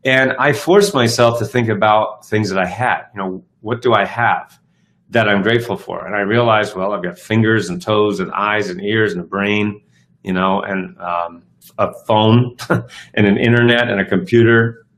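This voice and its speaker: A man's voice: on the low side, a bit bright. A middle-aged man hosting a self-help live show, talking casually and upbeat with many fillers and restarts. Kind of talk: casual live-stream talk.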